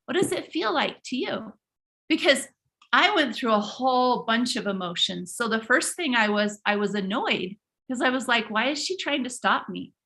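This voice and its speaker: A middle-aged woman hosts a live online workshop, telling stories in an animated way and often addressing viewers directly. Her voice is high and bright. She restarts phrases often as she talks. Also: moderate pace. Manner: animated, speaks directly to the audience, frequent restarts. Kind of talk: live webinar storytelling talk.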